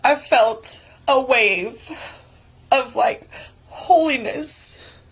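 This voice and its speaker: A woman sharing an emotional personal testimony, earnest and halting, often close to tears. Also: sits high, lively intonation, husky. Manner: earnest, halting, many restarts and fillers. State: tearful, on the verge of crying. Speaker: testimony giver.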